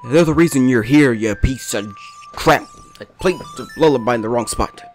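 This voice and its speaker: A man's voice: medium pitch, moderate pace, faint music behind. Rambling young man's gameplay commentary. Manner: rambling, jokey, self-deprecating, jumps between topics. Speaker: let's play commentator. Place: small hot bedroom with a fan running.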